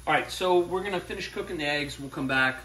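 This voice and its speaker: A man's voice: fairly high pitch, quick pace, bright, forceful tone, slight background noise. A man hosting a casual home cooking demonstration, talking loosely and cursing as he hypes up the food in his kitchen. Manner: loose, swearing, hyped-up kitchen banter. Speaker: cooking show host. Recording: roomy sound, mic at a distance.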